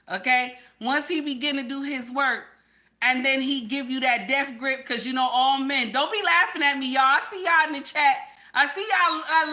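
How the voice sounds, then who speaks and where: A woman with a high, pushed, bright voice hosts a livestream and talks candidly to her chat. She's blunt and keeps checking in with "okay?"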